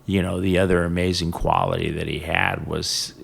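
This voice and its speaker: Low gravelly older man, reflective storyteller. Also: flat delivery. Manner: storytelling, reflective, halting with fillers. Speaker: guest, business executive. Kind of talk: casual interview conversation.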